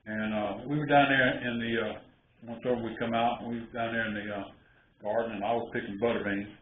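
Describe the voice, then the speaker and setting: A man's voice: medium pitch, fairly even intonation, brisk, slight background noise. A man, who hosts a cooking channel and tells rambling, folksy stories full of restarts. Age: 60s. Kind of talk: casual storytelling. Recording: tinny, roomy, phone-like sound.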